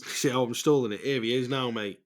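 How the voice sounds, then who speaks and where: A man's voice: mid-range voice, brisk. A man, hosting a casual, rambling voice-note podcast, loose and chatty, swearing freely and laughing at himself. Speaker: podcast host.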